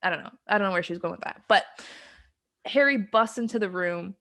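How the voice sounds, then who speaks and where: A woman's voice: mid-range voice, brisk, a bit bright. A young adult woman co-hosting a podcast, casually recapping a film plot in a rambling way, with lots of ums and frequent giggles. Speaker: podcast co-host. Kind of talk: casual chat.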